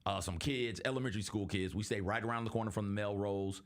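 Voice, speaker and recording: Earnest low-voiced male talk host. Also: fairly even intonation, quick pace. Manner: earnest, storytelling, acts out quoted voices. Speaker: podcast host. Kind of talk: casual sports talk show chat.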